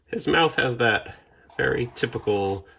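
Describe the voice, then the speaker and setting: A man's voice: mid-range voice, lively intonation, measured pace, vocal fry, bright, forceful tone, husky. A man hosting a children's storytime, reading aloud playfully with sound effects and prompts for the audience at home. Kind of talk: read-aloud storytime for kids.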